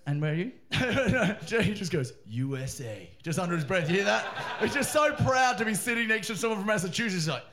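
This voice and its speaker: A bright, high-voiced man tells a comic story to fellow comedians. He is animated and cheeky, laughs at his own lines, and swears freely as he riffs. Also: fairly quick, few pauses. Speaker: comedian podcast guest.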